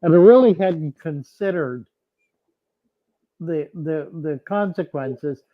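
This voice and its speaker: A man hosting a casual livestream chat with viewers, thinking aloud in a halting way with frequent restarts. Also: fairly high pitch, dry recording, lo-fi sound. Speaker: host answering viewers.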